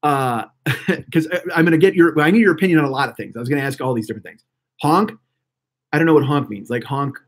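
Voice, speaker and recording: A man's voice: on the high side, very fast. A man in his forties hosting a live stream, chatting casually and rambling profanely to viewers in the chat. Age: 40s.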